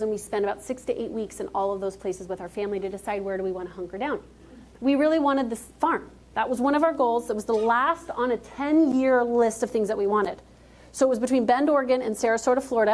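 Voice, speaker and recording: A woman in her thirties giving a live keynote speech on a conference stage, energetic and joking as she talks straight to the audience. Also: fairly high pitch. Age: 30s. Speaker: motivational speaker.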